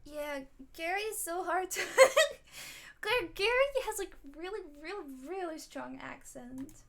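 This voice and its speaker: A woman's voice: extremely high pitch, moderate pace, creaky, a bit bright. A woman streamer chatting casually with her viewers, reacting aloud and talking straight to chat.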